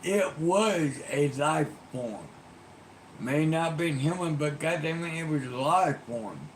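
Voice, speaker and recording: A man's voice: medium pitch, fairly quick, roomy sound, a little hiss or hum, voice pushed up, lightly acted. A man voicing a furious middle-aged man who curses and rants at a little girl. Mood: outraged ranting. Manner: shouting, cursing, ranting.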